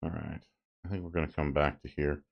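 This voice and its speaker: A man's voice: rumbling low, flat delivery, a little fast, gravelly, highs cut off. A male streamer giving chatty, amused game commentary, thinking aloud as he plays.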